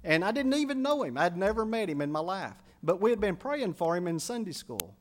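Male pastor, high-pitched, earnest storytelling sermon voice. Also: sing-song, a little fast. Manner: earnest storytelling, quotes people in their voices.

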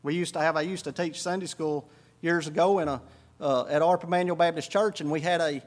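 High-voiced preaching man, rising emphatic bursts. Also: steady tone, fairly quick. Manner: preaching with sudden rises in pitch and volume. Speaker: pastor. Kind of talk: sermon.

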